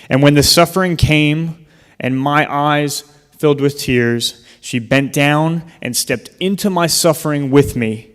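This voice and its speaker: A man giving a public talk in a large hall, telling a personal story in an earnest way with touches of dry humor. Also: a little high. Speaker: speaker. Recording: long hall reverb.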